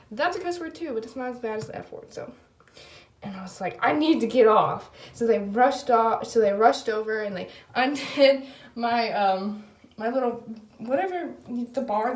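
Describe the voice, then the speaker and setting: A young woman telling a story in a casual video diary, rambling with lots of fillers and quoted back-and-forth, and apologizing in self-conscious asides. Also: medium pitch. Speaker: vlogger. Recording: echoey room.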